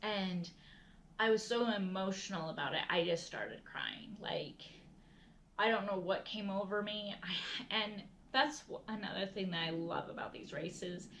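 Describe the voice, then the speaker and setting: A woman's voice: mid-range voice, steady tone, normal speed, fairly bright tone, a little hiss or hum, rough recording. Earnest woman telling a personal story. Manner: earnest, heartfelt, rambling with frequent restarts. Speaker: vlogger.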